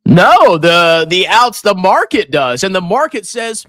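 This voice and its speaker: A man doing loud, sarcastic reaction commentary as a finance channel host, reading out and mocking viewer comments. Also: high-pitched, sing-song, a little slow, hardly any pauses, no room sound, studio quality.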